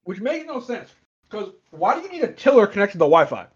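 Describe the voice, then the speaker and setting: A man co-hosting a casual movie review chat, animated and incredulous as he recaps scenes, swearing now and then. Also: high-pitched, brisk, husky, dry recording. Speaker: podcast co-host. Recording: dry, dull lo-fi sound.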